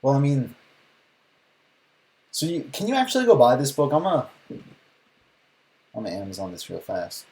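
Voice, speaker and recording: Mellow-voiced man in sarcastic rambling commentary. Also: medium pitch, huge pitch swings, moderate pace, pauses often, poor audio. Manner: rambling, sarcastic, with frequent restarts. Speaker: streamer reacting to videos. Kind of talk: casual live reaction commentary.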